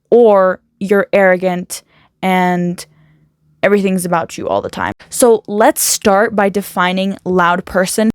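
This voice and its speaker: A talkative woman vlogger speaks at a middle pitch, chatting in a casual, animated way and dropping in lots of "like"s. The recording is dry and close. Faint music plays underneath. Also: no echo. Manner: chatty and talkative, self-described loud; animated, quick asides with "like" fillers. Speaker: motivational vlogger. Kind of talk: casual talk to camera.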